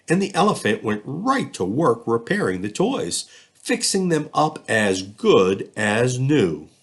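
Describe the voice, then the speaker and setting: A man reading a children's storybook aloud, expressive and lively in his storytelling. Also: fairly low pitch. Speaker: school district reader.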